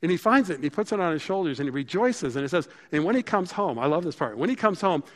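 A man preaching a sermon in a casual, conversational way, growing animated and then dropping to a hushed voice for emphasis. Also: on the high side, fast talker, long reverb tail. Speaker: pastor.

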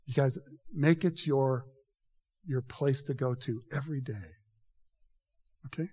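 A man's voice: medium pitch, a little slow, mellow, slightly rough. Guy preaching a sermon, chatty and emphatic, big echoey church sound. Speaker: pastor. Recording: reverberant hall.

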